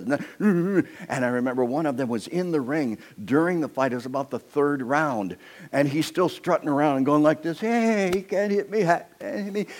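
A man preaching a sermon, telling a story with lively energy and talking straight to the congregation. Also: mid-range voice, husky. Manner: animated storytelling, addresses the congregation.

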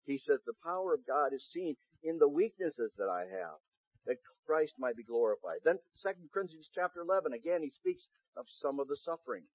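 Husky-voiced man preaching a sermon. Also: on the high side, very animated, no echo, lo-fi sound. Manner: reads scripture slowly, rising to loud emphatic preaching; directs the congregation to repeat phrases. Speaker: pastor.

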